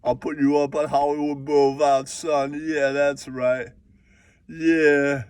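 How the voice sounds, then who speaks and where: A cocky, swaggering wannabe star who brags and repeats his catchphrases over and over, as a man puts him on. His voice is pushed a little higher and louder than plain talk, and the sound is dry and close. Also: little pitch movement, slow, clean tone, no echo, distant mic. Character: brash boastful Hollywood-dreaming man named Helen.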